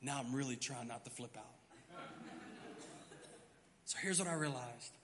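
A middle-aged man preaching a sermon as pastor, telling a story in an animated way and acting out his own panicked thoughts. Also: mid-range voice, unhurried, a little hiss or hum. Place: church sanctuary. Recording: long hall reverb.

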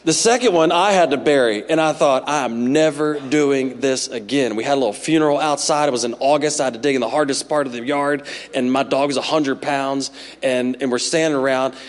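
A man's voice: mid-range voice, quick pace. A man in his forties, a pastor preaching a sermon, telling humorous family stories with asides to the congregation. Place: church sanctuary. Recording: reverberant hall.

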